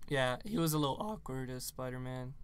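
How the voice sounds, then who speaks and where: A man's voice: medium pitch, steady tone, brisk. A young man co-hosting a casual podcast chat, joking and cursing freely, his voice a little strained from screaming at a concert the night before. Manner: joking, profane, laughs often. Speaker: podcast co-host.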